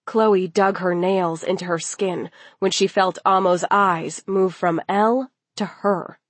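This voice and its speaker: A woman reading a story aloud as narrator, in a steady, unhurried way. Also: on the low side, dry recording.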